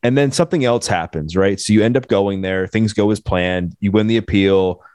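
A man's voice: on the low side, moderate pace, darkish tone, no room sound. A man hosting an interview, steadily recapping his guest's story. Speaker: podcast host.

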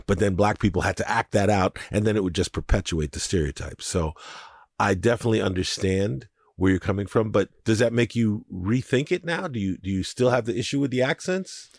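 A man co-hosting a podcast, talking through a film in animated, casual discussion and often restarting his sentences. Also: low-pitched, husky, no echo, clean studio sound. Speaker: podcast co-host.

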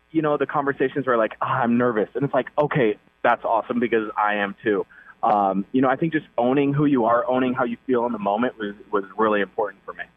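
A man's voice: medium pitch, no room sound. Young man on a tinny phone line. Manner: easygoing, upbeat, with many fillers. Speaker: guest on the phone. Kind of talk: casual phone interview.

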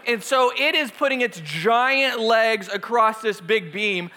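A man in his thirties, a youth pastor telling a lively personal story in a sermon, acting out the screams as he goes. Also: sits high, measured pace. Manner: animated storyteller, acts out screams.

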